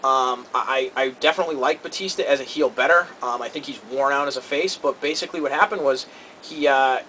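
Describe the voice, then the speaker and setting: A man co-hosting a casual talk show, giving quick, opinionated takes with lots of energy. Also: mid-range voice, pushed and bright, slight background noise, poor audio. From Cambridge area. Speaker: co-host.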